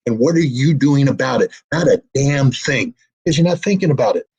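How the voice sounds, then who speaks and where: A husky-voiced man in his sixties speaks as an interview guest. He talks bluntly and emphatically, hammering home his warnings. He sounds like he is on a remote video call. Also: medium pitch, lively intonation, a little fast, darkish tone, muffled recording. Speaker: guest commentator. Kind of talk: impassioned political commentary.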